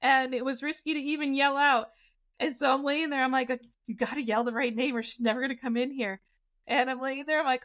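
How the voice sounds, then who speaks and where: A woman in her forties, a podcast co-host, telling a scary personal story in a casual, animated way, often laughing. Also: sits high, a little fast.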